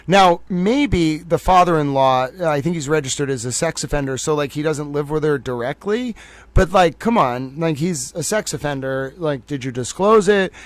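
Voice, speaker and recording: A man's voice: on the high side, expressive, moderate pace, no room sound. A man hosting a casual livestream and commenting on a court case, rambling and joking about himself. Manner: rambling, chatty, self-joking. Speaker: livestream host covering a trial.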